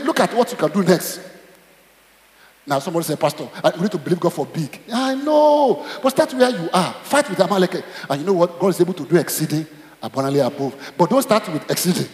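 A middle-aged Nigerian man preaching a sermon as pastor, swinging between high exclamations and low asides and dropping in Yoruba phrases. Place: church. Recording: echoey church hall.

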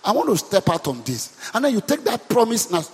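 Preaching as a pastor, this man has a high, husky voice that swings widely in pitch and moves fairly quickly. He keeps throwing questions at the congregation and urging replies in a call-and-response manner, all echoing with long hall reverb.

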